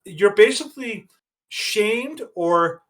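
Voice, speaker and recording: A man with a high, bright voice hosts a podcast in casual commentary. He rambles through opinions and often restarts his sentences. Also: lively intonation, slow. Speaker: podcast host.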